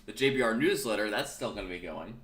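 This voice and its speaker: A man's voice: on the low side, expressive, quick pace, a bit bright, roomy sound. Chatty man with a morning voice. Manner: chatty, rambling, self-correcting. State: early-morning voice. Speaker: podcast host. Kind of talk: casual solo talk show.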